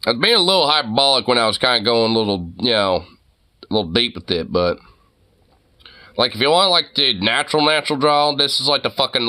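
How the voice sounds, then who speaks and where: A man's voice: medium pitch, fairly quick, sharp tone. A man hosting his own channel, rambling through a casual, profane commentary rant and laughing often. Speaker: channel host.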